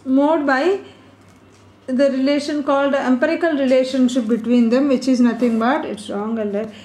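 High-voiced woman teaching in an echoey room. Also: fairly even intonation, moderate pace, darkish tone. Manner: explains step by step, with asides to the class. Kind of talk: whiteboard statistics lesson.

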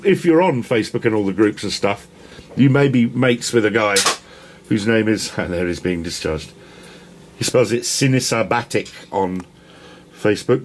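A man's voice: mid-range voice, creaky, slight background noise. A man presenting a rambling, enthusiastic walk-around tour of a shop. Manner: enthusiastic, rambling, self-deprecating. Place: indoor shop.

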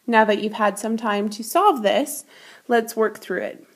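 A woman's voice: a little high, a little slow. A woman teacher reading a children's picture book aloud and explaining math concepts with patient clarity.

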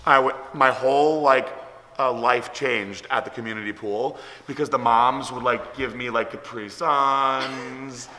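Bright-voiced man rambling through a story. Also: medium pitch, fairly even intonation, measured pace. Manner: rambling, lots of likes and ums. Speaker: vlog host. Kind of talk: casual storytelling. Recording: echoey room with long reverb.

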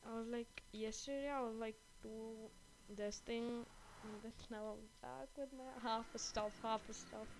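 Excitable woman with a gravelly voice. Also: a little high, normal speed, background noise. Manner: excitable, gasping, repeats exclamations often. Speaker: gaming channel host. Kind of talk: excited gameplay commentary. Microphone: off-camera voice-over during gameplay.

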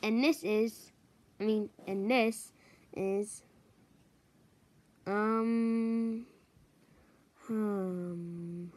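A woman introducing a row of toys one by one, hesitant and pausing often to search for their names. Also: mid-range voice, fairly even intonation, darkish tone. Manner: hesitant, many pauses and ums. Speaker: toy show presenter.

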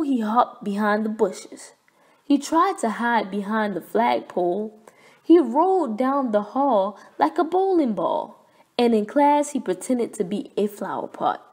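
A woman reading a children's picture book aloud at an unhurried, deliberate pace. Her voice sits a bit high, and she acts out the story expressively. Every word comes out clear. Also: darkish tone. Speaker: storybook reader. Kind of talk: children's read-aloud narration.

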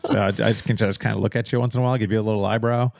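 A man in his forties co-hosting a podcast, his voice raspy after a night of karaoke, talking in a rambling, teasing way. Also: lowish voice, fairly even intonation, racing, a little mellow, no echo, clean studio sound. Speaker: podcast co-host. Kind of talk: casual chat.

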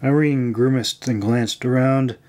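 A man, the author, reading his fantasy novel aloud in a steady storytelling voice. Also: mid-range voice, unhurried. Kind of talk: audiobook narration.

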